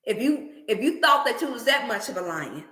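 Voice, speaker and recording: A woman with a bright, fairly high voice, preaching motivation and healthy eating like a sermon. Her talk is animated and laced with scripture. The room around her is echoey. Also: a little fast. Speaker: wellness channel host.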